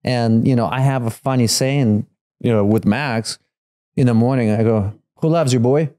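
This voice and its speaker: A man's voice: mid-range voice, steady tone, normal speed, warm tone. A man in his fifties, a guest on a parenting podcast, telling a family story in a loose, rambling way with many fillers and restarts. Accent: Russian. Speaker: guest, father of three. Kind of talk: casual storytelling in a podcast conversation.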